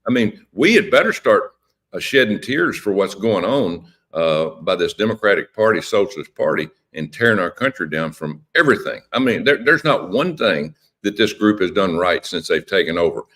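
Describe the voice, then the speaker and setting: Impassioned low-voiced male politician. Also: big pitch swings, normal speed, a bit bright. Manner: impassioned, emphatic, repeats himself. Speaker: politician guest. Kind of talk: radio interview.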